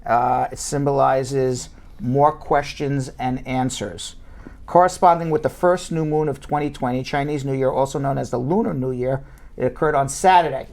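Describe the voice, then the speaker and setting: A man in a casual live show, an immigration lawyer and host, swinging from loud joking to sober explanation. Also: medium pitch, steady tone, normal speed.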